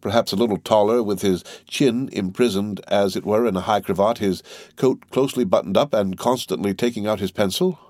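A man's voice: fairly low pitch, a little fast, darkish tone, dry recording, clean studio sound, natural voice. A man reading Monte Cristo, a grave count. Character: grave, mysterious nobleman count, middle-aged. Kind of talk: audiobook character reading.

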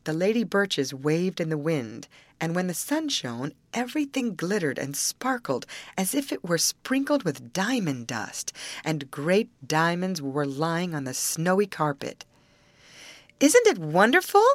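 Low-voiced woman reading a fairy tale. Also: a little slow, dry recording. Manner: gentle, expressive read-aloud. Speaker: storyteller. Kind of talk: storybook narration.

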